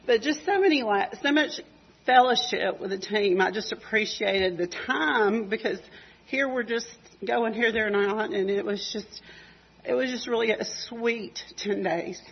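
A woman's voice: mid-range voice, unhurried, gravelly, breathy edge, muffled recording. A woman with a Georgia accent giving a rambling, heartfelt church testimony about a mission trip. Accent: Southern US (Georgia). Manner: rambling, emotional, chatty with fillers. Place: church service.

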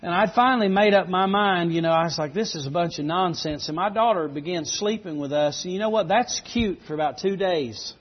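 A man's voice: sits high, a little fast, hardly any pauses. A middle-aged man preaching a sermon, telling a folksy story. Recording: dull lo-fi recording.

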